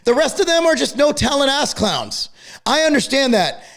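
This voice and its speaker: Angry high gravelly-voiced man ranting. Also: very animated, a bit bright. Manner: angry, profane, rapid ranting. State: worked up, yelling. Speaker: fitness company owner and channel host. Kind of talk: ranting vlog to camera.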